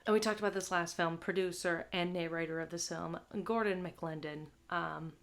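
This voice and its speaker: A woman's voice: on the low side, fairly even intonation, moderate pace. A young woman hosting a live movie stream, chatting crudely and tagging her lines with "all right?". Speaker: livestream movie host. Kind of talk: casual chat to a live audience.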